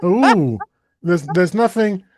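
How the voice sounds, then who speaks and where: Man, talk show co-host, teasing casual chat, slightly high voice, dry close sound. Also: animated, slow pace, no echo. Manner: reacts with short exclamations, teasing.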